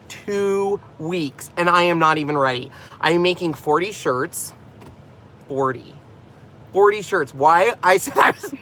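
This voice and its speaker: A man's voice: high-pitched, a bit bright, slight background noise. A man hosting a crafting channel, chatting casually and rambling off on tangents from inside his car in his garage. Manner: laughs often and jokes about himself. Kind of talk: casual vlog chat.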